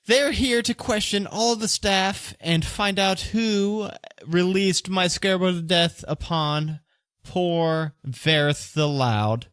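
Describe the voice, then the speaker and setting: A man's voice: high-pitched, slow pace, fairly bright tone, clear, resonant tone, no echo, pitched above the performer's own voice. A man voicing a formal, commanding male figure who owns a magic scarab. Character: indignant male owner of a stolen scarab.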